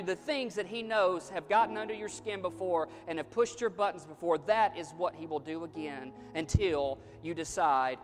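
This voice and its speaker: A man's voice: high-pitched, normal speed. A male pastor preaching a sermon in an emphatic, repetitive style. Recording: long reverb, faint music.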